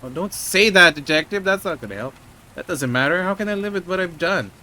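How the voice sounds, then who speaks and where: A man's voice: sits high, lively intonation, a little fast, pushed and bright, heavily acted, poor audio. A man voicing a distraught sixteen-year-old boy who shot someone, reading his lines aloud in a pleading, breaking tone. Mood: hopeless. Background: game music and rain.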